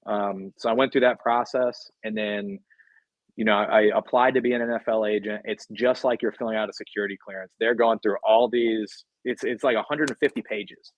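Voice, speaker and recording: Man, podcast guest, casual storytelling, animated and rambling, dry close sound. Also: lowish voice, moderate pace, no room sound, muffled recording. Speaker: podcast guest, sports agent. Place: podcast studio.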